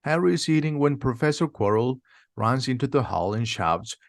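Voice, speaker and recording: A man narrating a simplified audiobook in a slow, plain, steady reading. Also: medium pitch, vocal fry, no echo, studio quality. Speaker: reader.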